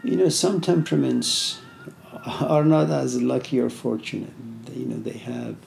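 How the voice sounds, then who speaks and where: Male lecturer, gravelly and rambling, casual storytelling, slight background noise. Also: medium pitch, fairly even intonation, moderate pace, a little mellow. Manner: conversational, frequent "you know", storytelling asides. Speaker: philosophy lecturer. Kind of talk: informal philosophy lecture.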